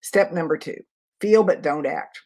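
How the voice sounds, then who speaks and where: A woman's voice: deep voice, a little slow, darkish tone, slightly rough. A middle-aged woman and leadership coach giving a live teaching talk, earnest, practical and conversational.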